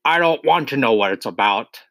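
A man's voice: on the low side, expressive, normal speed, sharp tone, no room sound. Man doing grumpy bully dad, snapping, barking, storybook, dry close sound. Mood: angry. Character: bullying grumpy father, middle-aged man.

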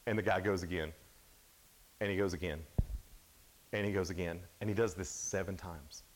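A man giving a youth sermon, telling a Bible story in an animated, casual way, full of "like" and quick asides. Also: on the low side. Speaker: youth speaker.

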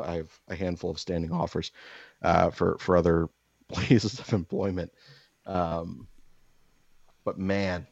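A man hosting a podcast in casual chat, rambling and swearing as he vents, jumping into sarcastic mock-calm outbursts. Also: sits low, dry recording. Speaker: podcast host. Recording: dull dry lo-fi audio.

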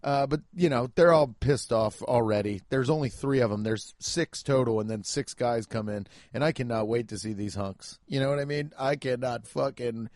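A man's voice: medium pitch, dry recording, studio quality. A man who is a stand-up comedian, chatting casually and self-deprecatingly on his podcast from home. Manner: rambling, jokey, self-deprecating.

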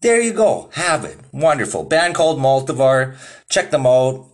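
A man's voice: medium pitch, big pitch swings, moderate pace. A young man hosting his own podcast, telling a rambling, profane story in casual chat and laughing often. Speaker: podcast host.

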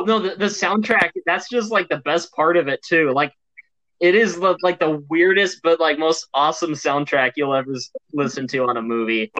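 A man's voice: on the high side, a bit bright, dry recording, highs cut off. A man co-hosting a casual movie podcast, rambling through a story with many fillers and restarts. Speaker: podcast co-host. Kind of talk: casual chat about movies.

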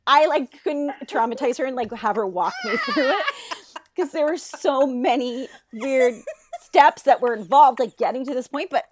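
A woman in her thirties, co-hosting a podcast, telling a story in casual chat, animated, swearing freely and laughing often. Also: high-pitched, moderate pace. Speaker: podcast co-host.

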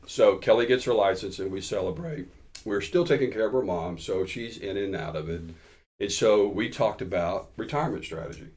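A man's voice: fairly low pitch, lively intonation, normal speed, a little mellow. A man in his fifties, a podcast guest, telling a story in an easygoing, humorous, casual way. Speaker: podcast guest, real estate agent.

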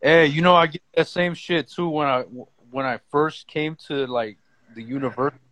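A man's voice: a little high, steady tone, normal speed, fairly bright tone, dry recording. A man telling a profane story in a laid-back group chat. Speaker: podcast guest, university student.

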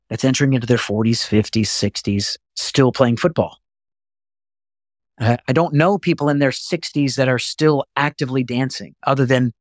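A man's voice: mid-range voice, no room sound, studio quality. A man teaching as a voice coach, explaining things earnestly and step by step. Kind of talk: instructional talk to camera.

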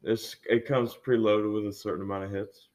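A man with a very deep, low voice, chatting in a relaxed podcast conversation. He answers offhandedly and without hurry. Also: normal speed. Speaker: podcast co-host. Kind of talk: casual chat.

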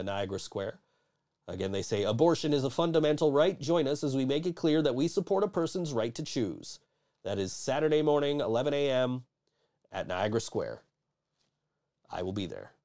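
A man's voice: lowish voice, a little mellow. A man hosting a podcast in casual chat, swearing freely and rambling with many restarts. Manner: profane, rambling, frequent restarts and laughs. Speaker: podcast host.

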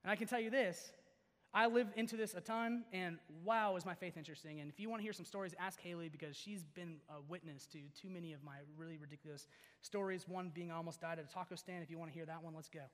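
A young man preaching to a youth audience, animated and joking, swinging between loud and hushed. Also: high-pitched, fast. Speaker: youth pastor. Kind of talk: sermon. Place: large hall before an audience. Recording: long hall reverb.

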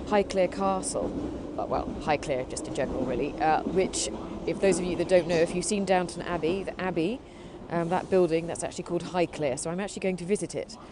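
An English woman hosting a chat show, her voice sitting low. She rambles casually, circling her points with plenty of "sort of" and "um." There's a faint hum of background noise. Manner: rambling, many fillers and hedges. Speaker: host.

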